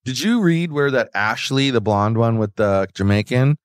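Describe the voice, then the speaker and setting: A man's voice: mid-range voice, animated, normal speed, clean tone, dry recording, clean studio sound. A man co-hosting a podcast, chatting casually and rambling through a recap of a TV show with restarts. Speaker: podcast co-host. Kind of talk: casual chat.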